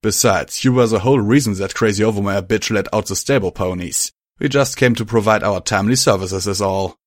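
A man's voice: lowish voice, brisk, no echo, studio quality, lightly acted. A man voicing a blunt, modest, tough male unicorn. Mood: offhand. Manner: offhand, blunt.

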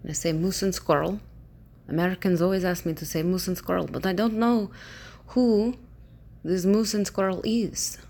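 A woman with a put-on Russian accent, speaking halting, flat lines, as a woman hams it up. Her voice sits low, with a gravelly rasp. It sounds like a casual attempt at an accent rather than a polished act. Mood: deadpan. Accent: imitated Russian accent. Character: self-described Russian woman with a thick accent.

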